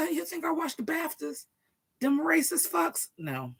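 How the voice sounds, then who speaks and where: Sassy, bright-voiced vlogger in their 40s. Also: sits high, a little slow. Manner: profane, sassy, animated, talks straight to viewers. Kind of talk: casual rant to camera.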